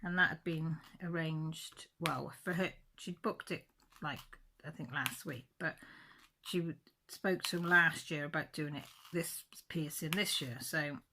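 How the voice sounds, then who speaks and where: Bright-voiced woman chatting while crafting. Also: low-pitched, a little slow, slight background noise. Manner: chatty, rambling, corrects herself mid-sentence. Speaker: crafting channel host. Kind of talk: casual chat while crafting.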